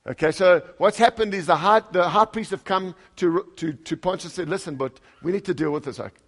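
Brisk and high-pitched, this pastor gives a conversational sermon, reading scripture with lively emphasis and questioning his congregation.

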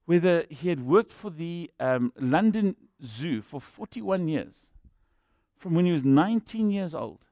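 A man's voice: on the high side, animated, a little slow, mellow, no room sound, clean studio sound. A man with a South African accent preaching a sermon as a jokey storyteller who acts out the people in his stories.

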